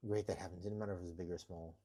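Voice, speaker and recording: A man's voice: low-pitched, steady tone, very fast, mellow, breathy edge. A man live-streaming from his home, chatting casually with viewers while working out and scolding his cats. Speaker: livestreamer. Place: home, kitchen corner.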